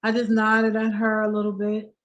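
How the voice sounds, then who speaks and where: A soft-spoken woman hosting a live stream, chatting casually and close to tears. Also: medium pitch, monotone, normal speed. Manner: emotional, on the verge of tears.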